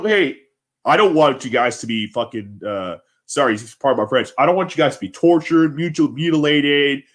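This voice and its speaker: A man vlogging an impassioned, rambling monologue, emotional and emphatic, repeatedly checking in with his listeners. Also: medium pitch. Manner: heated, rambling, emphatic with repeated tag questions.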